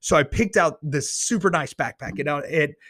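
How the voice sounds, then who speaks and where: A man telling a personal faith story to his audience into a close microphone, earnest and excitable, often restarting phrases as he gets worked up. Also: a little high, normal speed, no echo. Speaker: podcast host. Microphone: close studio microphone.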